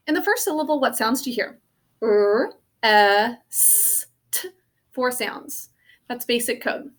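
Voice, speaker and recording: A woman teaching a spelling lesson, sounding out words letter by letter in a slow, patient way. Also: high-pitched, a bit bright.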